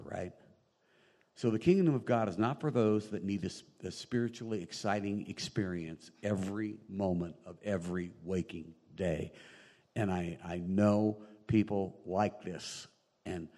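A man preaching a sermon in a small room, animated and quoting scripture, joking now and then with the congregation. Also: sits low, slightly rough, big-room sound. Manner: animated, rising loud on emphasis, quoting scripture; jokey asides to the congregation. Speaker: pastor. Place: small room with long reverb.

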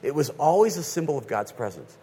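Preacher, male, fairly high husky voice, lively pitch, keeps asking the room if they follow. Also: brisk. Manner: animated, checks in with listeners often. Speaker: pastor. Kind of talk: sermon.

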